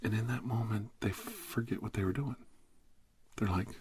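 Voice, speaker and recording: A middle-aged man in a whispered role-play as a therapist, drifting between soft whispers and a relaxed speaking voice in a rambling, casual way. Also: fairly low pitch, normal speed, a little hiss or hum.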